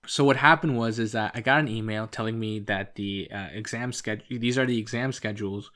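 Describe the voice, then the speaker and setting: A man's voice: lowish voice, fairly even intonation, a little fast, fairly bright tone. A young man from Canada chatting casually as a podcast co-host, telling a long, rambling story and pushing to finish his point. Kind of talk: casual chat.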